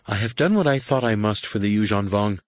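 A man's voice: fairly low pitch, a little fast, no echo, close to an everyday voice. A man reading an audiobook and voicing a humble, frightened female alien scientist, deferential and pleading. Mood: fearful pleading.

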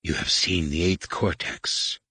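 A man reading an audiobook and voicing a majestic, menacing alien overlord who speaks in a hushed, whispered rumble, slow and commanding. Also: steady tone, slightly rough, no room sound, studio quality, heavily acted.

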